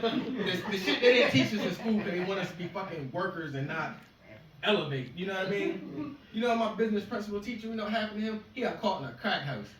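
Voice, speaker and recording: A man's voice: sits high, expressive, fast, fairly bright tone. A man doing casual stand-up, telling rambling, profane stories to a small crowd. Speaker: stand-up comedian. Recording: echoey room, far mic, noisy.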